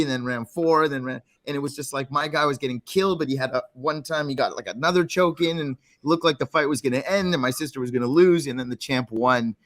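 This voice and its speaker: A man co-hosting a podcast, telling a rambling story in casual chat with animated bursts and casual swearing. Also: mid-range voice. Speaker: podcast co-host.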